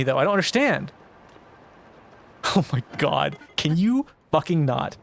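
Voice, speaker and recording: Lively young male streamer, exasperated. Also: fairly high pitch, measured pace, creaky, a little hiss or hum. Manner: frustrated, exclaiming and swearing at the game; talks back to chat. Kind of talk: live gameplay commentary.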